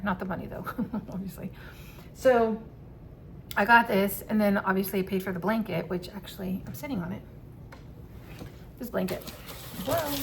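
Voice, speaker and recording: A woman telling a personal story to camera in a casual vlog, candid and quick to swear and laugh. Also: medium pitch, animated, slight background noise. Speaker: vlogger.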